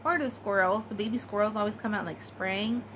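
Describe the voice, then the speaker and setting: A woman's voice: medium pitch, a little fast, a bit bright, a little hiss or hum, low-quality recording. A woman chatting casually and giggling, with many fillers, as she answers a tag. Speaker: craft vlogger.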